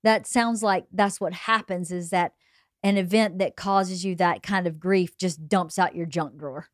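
A woman's voice: fairly low pitch, fairly even intonation, unhurried, dry recording, clean studio sound. A woman hosting a podcast, chatting frankly and easily, swearing casually and laughing readily. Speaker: podcast host.

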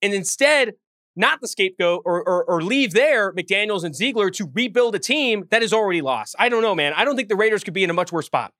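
A man co-hosting a sports podcast, talking in a heated, rapid rant. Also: sits high, animated, pushed and bright, no room sound, studio quality. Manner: fast, heated ranting. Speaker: podcast co-host.

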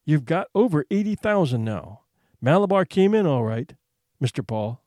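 A man voicing a furtive gardener who whispers low and quietly at a sickbed in a story reading. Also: very animated, moderate pace, dry recording, studio quality. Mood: hushed. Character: sharp-eyed gardener, a hushed, furtive man.

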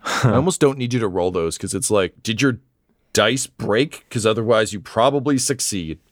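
A man's voice: fairly low pitch, moderate pace. A man running a tabletop game podcast as game master, narrating and joking in a rambling way with many fillers.

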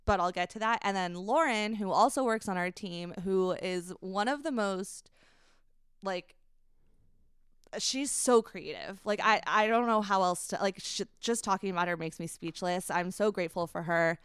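A young woman guest tells a heartfelt story, pausing often and filling gaps with likes and ums. Her voice is very smooth and resonant. The recording is close and dry, with no room sound. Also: mid-range voice, a bit bright, no room sound. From United States. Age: 20s. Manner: emotional, hesitant, many likes and ums. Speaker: guest, brand founder. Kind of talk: candid podcast storytelling.

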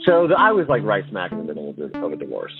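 A man recounting his childhood in a candid, halting way, with nervous laughs. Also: low-pitched, wildly swooping pitch. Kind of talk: personal testimony. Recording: tinny phone-like line with faint music.

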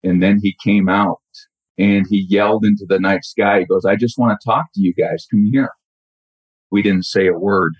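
A middle-aged man recounts a personal story slowly and reflectively, stopping and restarting often. His voice is low and husky. The audio sounds dull and lo-fi. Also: steady tone, no echo. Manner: halting, reflective, many restarts. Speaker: caller telling a true story.

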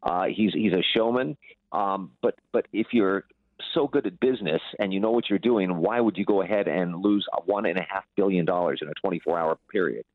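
A man working as a news correspondent, reporting live over the phone in a conversational, halting way with fillers and repeats. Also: sits low, no room sound. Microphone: telephone. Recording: tinny phone line.

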